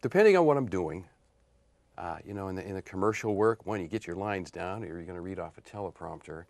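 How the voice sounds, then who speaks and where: Deep, gravelly-voiced man in his fifties. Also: fast, no echo. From Portland area, United States. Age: 50s. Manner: animated storyteller, laughs often. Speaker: actor and model guest. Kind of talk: casual interview chat.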